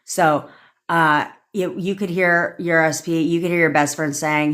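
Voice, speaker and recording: Her voice is on the low side, fairly bright, with a steady tone and normal speed. As a manifestation coach on a phone livestream, she talks casually, swears a lot, and answers viewers by name.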